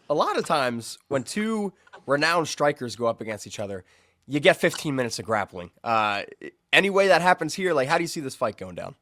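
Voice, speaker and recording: A man hosts an interview with friendly, upbeat questions. He talks fast, and his pitch moves a lot. The recording is dry and close. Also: sing-song, pushed and bright, no echo. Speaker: host, interviewer. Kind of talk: casual interview.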